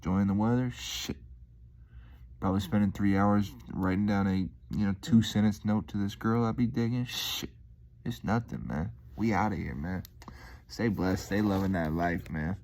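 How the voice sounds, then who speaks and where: Young man, deep voice, casual vlog monologue, slangy, rambling, relaxed. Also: normal speed. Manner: laid-back, slangy, meandering with many fillers. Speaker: vlogger.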